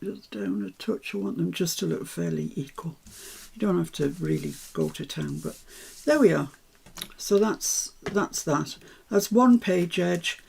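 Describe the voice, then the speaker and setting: An older woman talks viewers through a craft project in a relaxed, chatty way. Her voice is strongly gravelly, dark and a little husky. She throws in self-mocking asides as she works. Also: fairly low pitch, measured pace, hardly any pauses. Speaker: craft tutor. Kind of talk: live craft demonstration.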